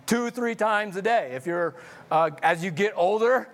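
A male pastor preaching a sermon in an animated, joking way, often repeating words when he gets excited. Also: high-pitched, normal speed.

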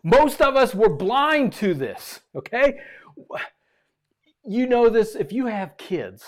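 High-voiced man preaching a sermon. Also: slow pace. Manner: animated preaching, repeats phrases for emphasis. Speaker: pastor.

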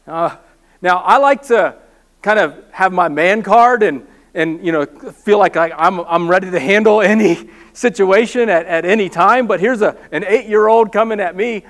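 A man preaching a sermon as pastor, telling a personal story with animated, self-mocking humor. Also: high voice, normal speed.

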